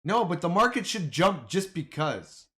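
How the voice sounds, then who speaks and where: A man streaming live about the stock market, talking back to his viewers in excitable, slangy, casual commentary. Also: high-pitched, normal speed.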